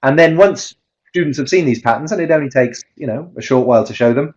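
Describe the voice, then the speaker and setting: A man's voice: mid-range voice, quick pace, a little mellow, highs cut off. A man giving an online webinar presentation on teaching pronunciation, explaining step by step and chanting rhythm drills.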